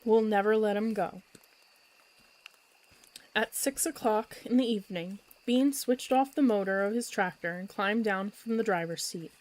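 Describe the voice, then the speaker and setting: A woman storyteller reading a children's book aloud at bedtime with expressive, lively narration. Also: mid-range voice, normal speed, hardly any pauses, low-quality recording.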